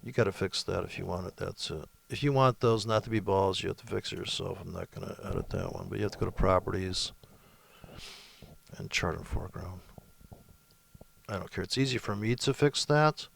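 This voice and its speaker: Brief: low, gravelly man walking through a chart platform, offhand and mocking. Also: brisk, a bit bright. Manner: rambling, sarcastic, crude asides. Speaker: forex trading presenter. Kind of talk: casual screen-share tutorial with mocking commentary.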